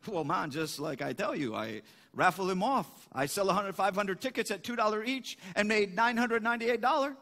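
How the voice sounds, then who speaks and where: A man's voice: high voice, animated, moderate pace, pushed and bright, heavily acted. A preacher voicing a cunning, cheerful Cajun man in a joke, with an attempted Cajun drawl. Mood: sly. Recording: echoey hall.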